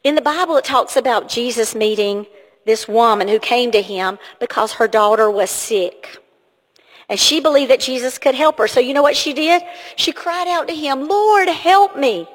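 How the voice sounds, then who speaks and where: A woman's voice: a little high, normal speed. A woman giving a children's sermon in a church, asking the kids lots of questions in an encouraging way. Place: church sanctuary. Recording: long hall reverb.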